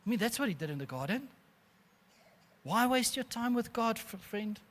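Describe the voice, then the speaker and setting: A preacher voicing a sly male devil, whispering temptations in a hushed, coaxing way during a sermon. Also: very high voice, very animated, normal speed, voice pushed up, heavily acted.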